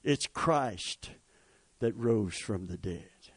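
A man preaching a sermon, swinging from quiet storytelling to loud rising exhortation with asides to the congregation. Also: lowish voice, animated, very slow, slightly rough, dry recording. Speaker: pastor.

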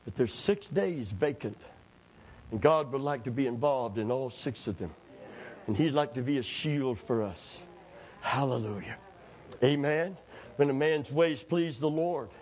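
A middle-aged man, preaching as a pastor in a church, telling stories in an animated way, acting out quoted voices and laughing at his own stories. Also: mid-range voice, unhurried. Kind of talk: storytelling sermon.

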